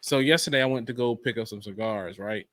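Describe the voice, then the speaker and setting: A man's voice: mid-range voice, fairly quick, a bit bright, slight background noise. A man co-hosting a podcast in casual chat, telling stories in a laid-back way and murmuring agreement often. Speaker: podcast co-host.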